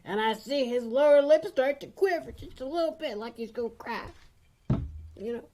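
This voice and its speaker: A woman co-hosting a comedy podcast, telling a rambling tall tale in a dry, folksy, deadpan way. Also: high voice, moderate pace, background noise. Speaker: co-host. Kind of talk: deadpan comic storytelling.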